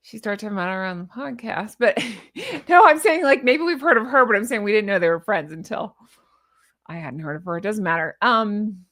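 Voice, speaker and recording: A woman's voice: mid-range voice, animated, a little fast, fairly bright tone. A woman vlogger giving casual, sarcastic opinion commentary, rambling with asides and restarts. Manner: chatty, sarcastic, scoffing asides.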